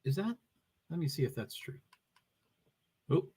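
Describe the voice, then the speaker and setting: A man's voice: on the high side, sing-song, a little slow, warm tone, husky. A man with a New England accent hosting a casual livestream, rambling as he reads viewer comments and racing news aloud. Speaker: livestream host.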